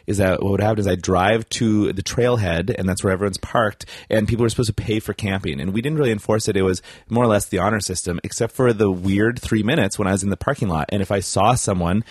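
A man's voice: fairly low pitch, breathy edge, dry recording, clean studio sound. A young man telling a long casual story, rambling with restarts and acting out the people he quotes.

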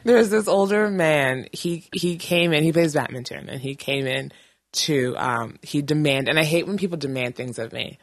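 A woman's voice: low voice, moderate pace, dry recording, studio quality. A woman telling a funny work story in casual chat, acting out quotes and laughing often.

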